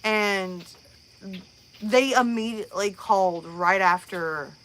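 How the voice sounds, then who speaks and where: A woman's voice: medium pitch, slow, a bit bright. A woman host chatting casually on a live stream, rambling with many fillers and restarts.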